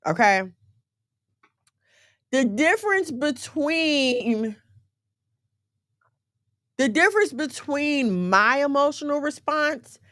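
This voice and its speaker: A woman's voice: on the high side, fairly bright tone, dry recording, clean studio sound. A woman hosting a casual livestream, giving blunt relationship advice to her viewers and checking in with them as she goes. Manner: emphatic, repeatedly checking in with listeners.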